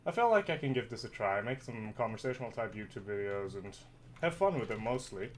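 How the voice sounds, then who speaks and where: A man's voice: on the low side, sing-song, a little fast, slight background noise. A man giving casual, rambling gameplay commentary, swearing freely and poking fun at himself while slightly out of breath. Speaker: gamer and streamer.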